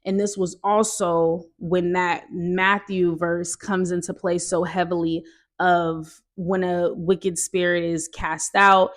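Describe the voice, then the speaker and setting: A young woman vlogger sharing a personal testimony in a casual, animated storytelling way, talking straight to her viewers. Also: lowish voice, takes it slowly.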